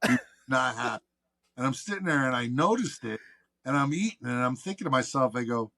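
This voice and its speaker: A man's voice: medium pitch, fast, creaky. Profane man telling stories casually. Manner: profane, animated anecdote teller doing quoted voices. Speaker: podcast guest. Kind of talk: casual storytelling.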